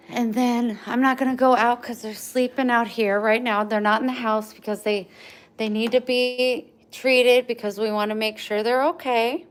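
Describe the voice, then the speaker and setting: A woman vlogger in a casual home video, talking tenderly with frequent pauses and running short of breath. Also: on the high side, fairly even intonation, a little hiss or hum. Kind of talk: casual home vlog, talking to her dogs and giving heartfelt advice.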